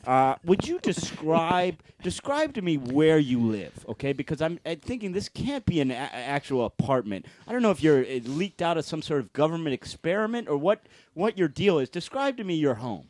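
A male podcast host with a high, very animated voice questions his guests with incredulous sarcasm. The sound is dry and close, and his pitch swings widely. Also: normal speed, no room sound. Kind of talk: comedic interview.

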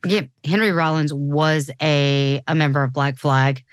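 A woman's voice: low voice, fairly even intonation, unhurried, dry recording. A woman in her forties co-hosting a podcast in casual chat, talking loosely with many restarts. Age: 40s. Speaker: podcast co-host.

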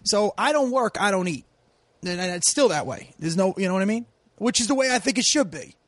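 Comedian, 40s, male, high-pitched, animated and profane, quotes people in character, dry mic. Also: a little fast, no room sound. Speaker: comedian guest. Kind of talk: casual podcast storytelling.

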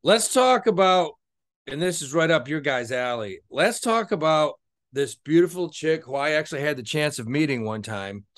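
Man, raised-pitch voice, brash podcast co-host who swears freely and gets loud. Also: moderate pace. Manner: loud, excitable, swears a lot. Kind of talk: casual crude banter.

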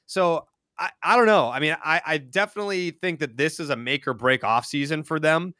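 A man in his thirties talks loosely as a podcast guest, scattering filler words through long, winding thoughts. His voice is bright and forceful, with a slightly raised pitch and a dry, close sound. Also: brisk, dry recording. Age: 30s. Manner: rambling, heavy use of "like" filler. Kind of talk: casual chat.

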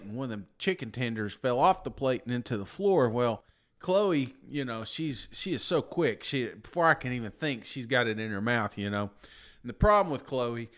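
This podcast co-host speaks at a medium pitch with a slightly bright, clean tone. Worn out from a night without sleep, he drifts through a long story at his own expense, casually chatting and peppering it with "you know what I'm saying."

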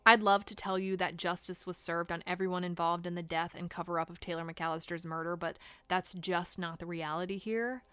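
A woman's voice: lowish voice, fairly even intonation, a little fast, hardly any pauses, fairly bright tone, clear, resonant tone, no room sound. Blunt, indignant woman narrating true crime. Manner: blunt, indignant, swears for emphasis. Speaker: true crime podcast host.

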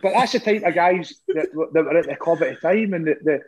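Scottish man, ex-pro footballer guest, husky and a bit high, laughing and swearing as he tells yarns. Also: quick pace, lo-fi sound. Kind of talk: casual storytelling chat.

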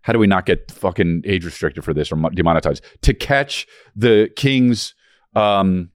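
A man co-hosting a podcast in casual chat, animated and swearing often, restarting his sentences. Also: low voice, normal speed. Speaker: podcast co-host.

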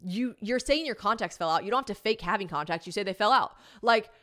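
A woman hosting a podcast, telling a comic story in a casual, animated way, swearing freely, mocking herself and acting out what people said. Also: medium pitch, fast. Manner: animated, swearing, self-mocking, acts out quotes. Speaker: podcast host.

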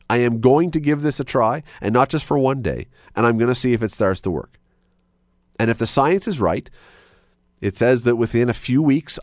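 A man's voice: mid-range voice, no room sound, studio quality. A man hosting a radio talk show, rambling and correcting himself as he talks. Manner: animated, rambling, self-correcting. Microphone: studio microphone.

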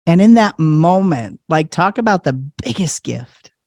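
A man telling a personal story as a podcast guest, animated, laughing often and acting out the voices of people he quotes. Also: a little high, a little slow, no room sound, clean studio sound. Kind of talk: conversational storytelling.

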